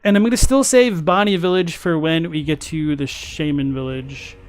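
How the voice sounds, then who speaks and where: A gaming streamer's clear, resonant voice sits fairly high and moves at a normal speed. He chats casually about the game's lore while thinking aloud through his play.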